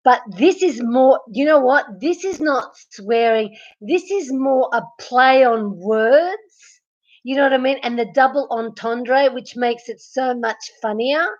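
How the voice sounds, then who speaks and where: A woman's voice: high-pitched, a little slow. A woman hosting a casual live stream, teasing viewers by name and laughing a lot as she reads the chat. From Melbourne, Australia. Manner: giggly, teasing, talks to chatters by name. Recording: dull lo-fi stream audio.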